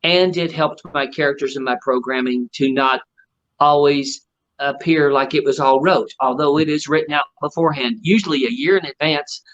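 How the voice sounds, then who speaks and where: A man, a ventriloquist, telling stories in a casual interview and acting out the people he quotes. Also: fairly high pitch. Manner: animated storyteller acting out quotes. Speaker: ventriloquist guest. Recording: dull lo-fi audio.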